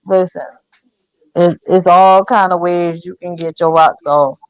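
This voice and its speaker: A woman's voice: lowish voice, fairly even intonation, a little slow, clear, resonant tone, dry recording, rough recording. A woman with a Geechee accent, chatting boldly and teasing. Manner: bold, teasing, explains with flair. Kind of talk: casual chat.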